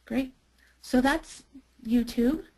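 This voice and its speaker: A woman runs through a business software demo in a webinar. She talks in a chatty way, with plenty of ums and restarts. Her fairly high voice has a gravelly, fry-tinged edge. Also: takes it slowly, low-quality recording. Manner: chatty, many fillers and restarts. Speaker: marketing presenter.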